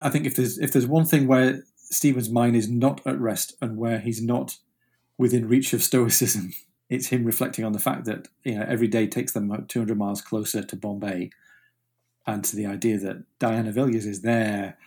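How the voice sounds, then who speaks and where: A man co-hosting a casual book podcast, thinking out loud and often restarting his sentences. His voice is mid-pitched with a husky grain. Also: steady tone, normal speed. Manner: thoughtful, with frequent restarts. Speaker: podcast co-host.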